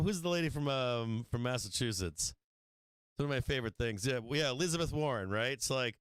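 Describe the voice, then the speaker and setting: A man hosting a live stock trading stream, chatting casually, swearing freely and laughing often, sometimes getting loud and excited. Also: medium pitch, clear, resonant tone, no echo. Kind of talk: casual profane trading commentary.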